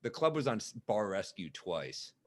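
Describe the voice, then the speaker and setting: Man in his thirties, comedian co-host, casual chat, lively storyteller, mimics people in loud high bursts. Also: normal speed.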